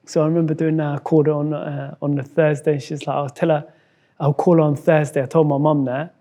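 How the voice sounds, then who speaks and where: A man from Somalia, a guest in an interview, telling a personal story in a halting way, repeating words and acting out what others said. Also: fairly high pitch, level tone, dark tone. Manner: halting, repeats words, acts out quoted dialogue.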